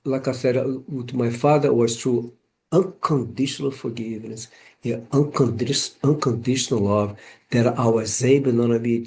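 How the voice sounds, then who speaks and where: Guy chatting on his home camera setup, stops and restarts a lot, mid pitch. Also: dark tone. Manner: halting, repeats words, many restarts. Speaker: podcast host and healing practitioner. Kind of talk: casual conversation.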